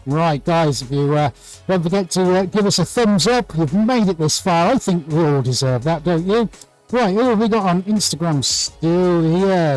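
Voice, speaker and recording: A man's voice: on the high side, darkish tone, low-quality recording. A man hosting a live painting tutorial from his art studio, chatting cheerfully and greeting viewers by name. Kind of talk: live-stream chat and demonstration.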